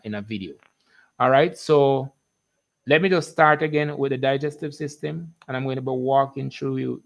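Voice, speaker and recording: A middle-aged Jamaican man with a Jamaican accent, hosting a casual live biology lesson, greeting viewers by name and drawing out key terms slowly. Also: fairly high pitch, low-quality recording.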